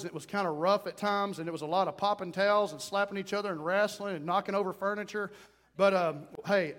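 A middle-aged male pastor preaching an emphatic, folksy sermon, swinging between loud calls and quiet asides. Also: sits high. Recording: long hall reverb.

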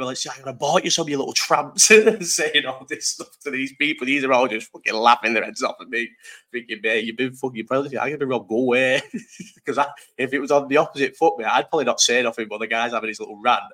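Hosting a casual live chat stream from home, a man in his 30s tells rambling stories packed with swearing and laughter into a partly covered desk mic. His voice is medium-pitched and a bit bright.

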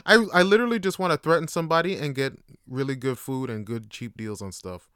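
A young man hosting a casual solo podcast, telling slangy, animated stories and laughing often. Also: medium pitch, fast talker, clear, resonant tone, no room sound, studio quality. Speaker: podcast host.

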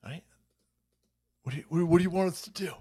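A man hosting a livestream, ranting in a foul-mouthed, sarcastic and exasperated way and repeating words in rapid bursts. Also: high voice, dark tone, slightly rough. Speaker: livestream host. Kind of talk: profane livestream rant.

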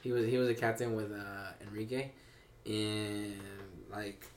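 A man's voice: lowish voice, fairly even intonation, measured pace, recorded from a distance. A young man co-hosting a casual podcast, laid-back and profane in his banter. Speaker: podcast co-host. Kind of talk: casual chat. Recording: echoey room, a bit off-mic, faint noise.

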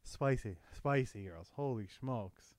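A young man hosting a casual podcast chat, excitable and jokey, with loud swings in his voice. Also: medium pitch, slow pace, dry recording, studio quality. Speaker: podcast host.

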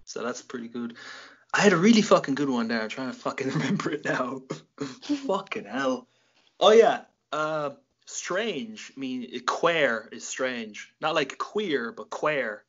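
A man's voice: mid-range voice, animated, unhurried, a bit bright. Young irish guy hosting a chat, rambly, jokey, swears a ton, muffled audio. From Ireland. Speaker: podcast host. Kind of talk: casual interview chat.

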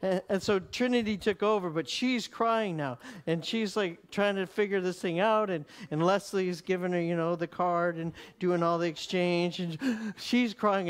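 A man preaching, telling a story in an animated way, laughing often and repeating words as he goes. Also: high-pitched, normal speed, few pauses, clear, resonant tone. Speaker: preacher teaching. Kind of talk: sermon storytelling.

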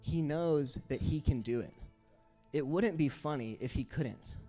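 A man's voice: on the high side, a little slow. Earnest man preaching in a hall. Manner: storytelling, earnest and animated. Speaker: pastor. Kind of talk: sermon. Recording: roomy hall with faint music.

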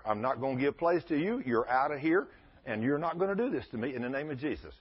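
Husky folksy preacher man. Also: mid-range voice, fast. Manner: folksy storytelling with animated quoted voices. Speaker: pastor. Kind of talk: sermon. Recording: dull lo-fi church recording.

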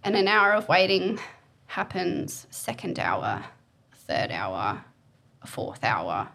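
A woman's voice: lowish voice, big pitch swings, slow, gravelly, pushed and bright. A talkative woman in her twenties, telling a personal story as a podcast guest in casual conversation. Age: 20s. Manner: chatty, talkative.

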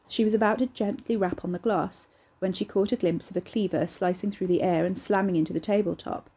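A woman reading an audiobook in a steady, measured way. Her voice is lowish, mellow and a touch husky. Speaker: narrator. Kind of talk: audiobook narration.

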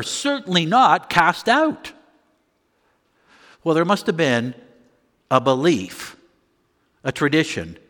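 A man delivers a sermon in slow, deliberate phrases with emphatic pauses. His bright voice swings widely in pitch. A long hall reverb trails his words. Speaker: pastor.

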